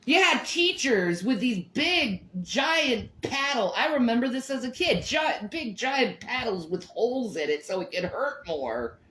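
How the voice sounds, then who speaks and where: A middle-aged woman ranting on her livestream, profane and confrontational. Her fairly high voice leaps up and down, and she talks slowly, stumbling and repeating words as she gets worked up. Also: sing-song, fairly bright tone. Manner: repeats words and restarts when heated. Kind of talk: livestream rant.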